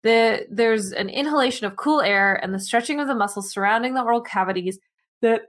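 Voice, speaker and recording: Woman, podcast co-host, chatty science explainer, sleepy and yawning, slightly high voice. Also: brisk, fairly bright tone. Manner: chatty, explaining with asides and self-interruptions. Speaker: podcast co-host presenting animal news.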